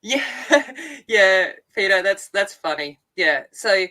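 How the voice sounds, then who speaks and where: An Australian woman from a country town, co-hosting a casual livestream chat, talking in halting restarts and laughing often. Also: mid-range voice, lively intonation, bright, forceful tone, rough recording. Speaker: co-host.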